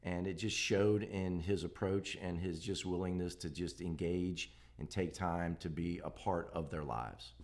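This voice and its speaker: Man, very low voice, plainspoken reflective interview. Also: steady tone, measured pace, hardly any pauses, a little mellow. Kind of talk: documentary interview remembrance.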